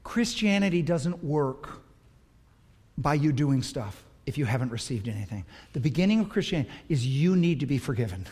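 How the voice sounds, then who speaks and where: A man preaching a sermon as pastor, swinging from hushed tenderness to loud fervor, with an altar call in a large church. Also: mid-range voice, expressive, moderate pace, husky. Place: large church sanctuary with a balcony. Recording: long reverb of a large hall with soft music.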